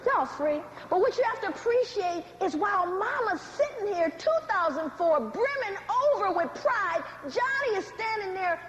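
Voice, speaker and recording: A woman giving a public lecture with animated, dramatic storytelling and direct asides to the audience. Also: extremely high pitch, normal speed, hardly any pauses, roomy sound, a little hiss or hum, poor audio. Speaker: speaker.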